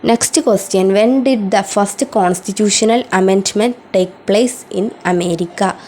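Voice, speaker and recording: Slow woman reading exam answers aloud. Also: medium pitch, mellow, low-quality recording. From India. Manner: repeats each question slowly before answering. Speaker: student tutor.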